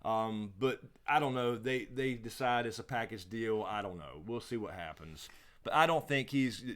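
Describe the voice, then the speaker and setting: A man's voice: fairly low pitch, moderate pace, fairly bright tone. A man co-hosting a casual live question-and-answer stream, laid-back, laughing often and swearing freely. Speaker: livestream co-host.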